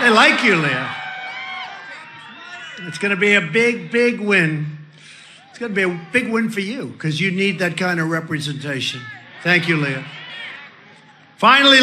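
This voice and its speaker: Male rally speaker: tense, forceful, fairly high voice; boastful ad-libs, shouted punchlines. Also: a little hiss or hum. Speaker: rally speaker introducing candidates. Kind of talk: political rally speech.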